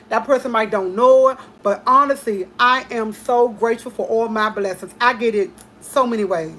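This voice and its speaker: Lady chatting away all excited, repeats herself a lot, kinda high voice, faint hiss behind. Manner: emphatic and repetitive, talks excitedly. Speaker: host. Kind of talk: casual chat.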